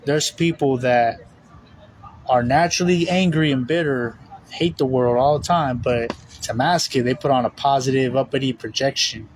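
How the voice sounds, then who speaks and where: A man's voice: mid-range voice, moderate pace, poor audio. A man giving a casual spoken sermon as a religious teacher, rambling and repetitive with many fillers.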